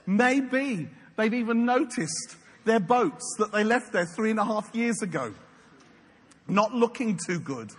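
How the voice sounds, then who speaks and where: A man's voice: sits high, animated, unhurried, husky. A man preaching a sermon in a playful, jokey storytelling way. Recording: long hall reverb, faint noise.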